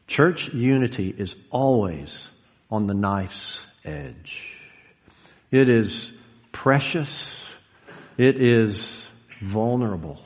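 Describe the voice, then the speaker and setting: Slow earnest preacher in a reverberant hall. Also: male voice, mid-range voice, animated. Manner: slow, earnest preaching with big swings from loud to hushed. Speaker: pastor. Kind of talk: sermon.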